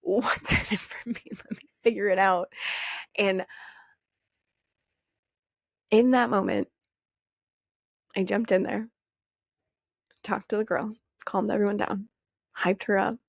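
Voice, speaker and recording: A young woman hosting a podcast, talking casually and with energy, swearing freely and acting out her old questions in a higher voice. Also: steady tone, slow pace, creaky, long pauses, dry recording, studio quality. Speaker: podcast host. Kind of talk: casual motivational monologue.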